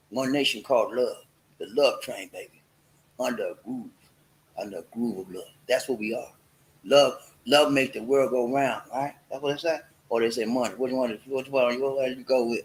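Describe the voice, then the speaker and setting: A man's voice: medium pitch, low-quality recording. A man hosting a casual motivational talk, playful and preachy, slipping into sung and chanted lines. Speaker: host.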